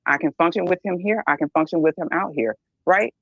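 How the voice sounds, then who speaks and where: A woman's voice: lowish voice, a little fast, gravelly, fairly bright tone. Woman, middle-aged, blunt and emphatic, candid podcast talk, muffled lo-fi sound, no room echo. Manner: blunt, emphatic, keeps asking "right?".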